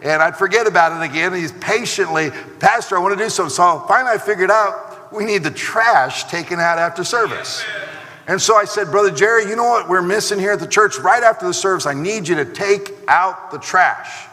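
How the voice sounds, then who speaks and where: A man with an American accent preaches in a church, his voice high and bright. He acts out the people he describes with lively asides. The sound carries a long reverb from the hall. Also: fairly quick. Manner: animated preaching with acted asides. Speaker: pastor. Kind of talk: sermon. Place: church sanctuary.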